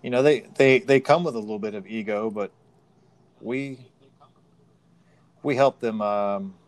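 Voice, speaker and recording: A man's voice: lowish voice, unhurried. Middle-aged male karate sensei, frank and plain-spoken, casual podcast talk. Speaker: martial arts instructor.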